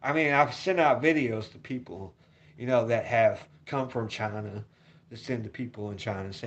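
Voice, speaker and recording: A man vlogging a rambling, repetitive rant at home, cursing and swinging from loud hollering to low mutters. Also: moderate pace.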